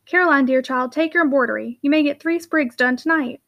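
A woman's voice: sits high, a little fast, gravelly, fairly bright tone. A woman reading the part of Hortense, a stern, proud Frenchwoman who scolds primly and breaks into French. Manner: prim, scolding, French phrases. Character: stern middle-aged Frenchwoman, prim and proud.

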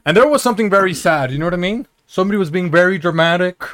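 A man's voice: high-pitched, lively intonation, rapid-fire, a bit bright, dry recording, clean studio sound. A man co-hosting a podcast in casual banter, telling rambling, profane stories with lots of laughing. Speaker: podcast co-host.

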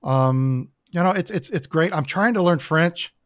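A man's voice: fairly high pitch, unhurried, dry recording, studio quality. A man from the United States chatting casually as a podcast guest, telling rambling, enthusiastic stories with lots of fillers.

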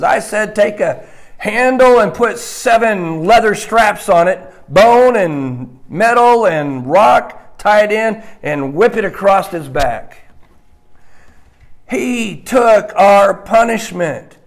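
A man preaching a sermon, swinging between loud stressed words and hushed, low lines. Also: animated, slow. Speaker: pastor.

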